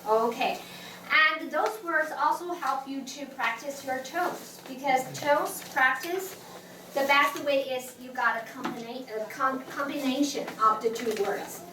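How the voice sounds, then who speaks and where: A woman leads a class in a high, unhurried voice. She restarts her phrases often and sings out tones for students to repeat. The sound is distant and echoey, with steady room noise behind her. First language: Mandarin Chinese. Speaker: Chinese language teacher. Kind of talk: classroom teaching, call and response. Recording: echoey classroom from far off, noisy.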